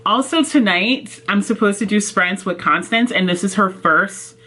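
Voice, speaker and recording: A woman book vlogger chatting casually and excitedly at home. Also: mid-range voice, normal speed. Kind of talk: casual vlog chat. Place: home office, indoors.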